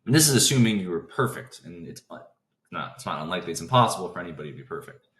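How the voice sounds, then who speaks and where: A man hosting a casual trading lesson. He talks fast, keeps breaking off his own sentences and restarts them. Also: low voice, big pitch swings, fairly bright tone, roomy sound. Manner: fast talker who interrupts his own thoughts. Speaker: trading video host.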